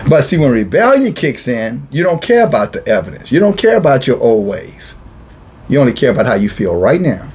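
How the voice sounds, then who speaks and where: A man's voice: mid-range voice, sing-song, fairly quick, a little mellow, a little hiss or hum. A man preaching a blunt, scolding sermon, calling himself a watchman and repeating phrases for emphasis. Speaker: self-styled watchman preacher. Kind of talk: rebuking sermon monologue.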